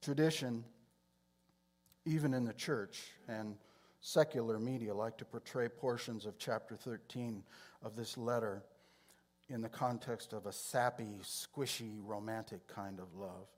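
A man teaching from the Bible in a sermon, speaking in a measured way and often clearing his throat. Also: fairly low pitch, fairly even intonation.

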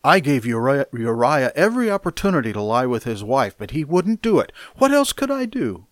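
A man's voice: mid-range voice, very animated, brisk, no echo, clean studio sound, pitched above the performer's own voice, lightly acted. A preacher putting on a whiny self-excusing king. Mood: defensive whining. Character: self-excusing guilty ancient king, male. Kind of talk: sermon.

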